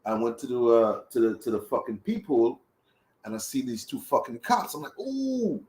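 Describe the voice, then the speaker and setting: A man's voice: medium pitch, a little fast. A young man telling a travel story in casual, profane talk, acting out his own reactions as he goes. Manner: profane, animated retelling with voiced reactions. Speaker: travel vlogger. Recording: roomy echo.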